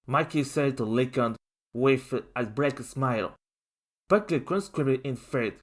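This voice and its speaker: A narrator reading a homemade fan story aloud in a halting, stumbling way. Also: medium pitch.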